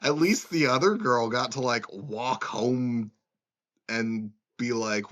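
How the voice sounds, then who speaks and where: A man's voice: mid-range voice, slow pace, a bit bright. A man co-hosting a podcast, casually chatting and reacting with wry jokes. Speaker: podcast co-host. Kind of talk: casual chat.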